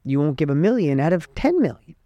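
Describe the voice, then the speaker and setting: A man's voice: fairly high pitch, big pitch swings, fast, mellow, dry recording, muffled recording. Earnest middle-aged man, dry close sound. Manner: earnest, storytelling, emphatic. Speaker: podcast host. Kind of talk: motivational monologue.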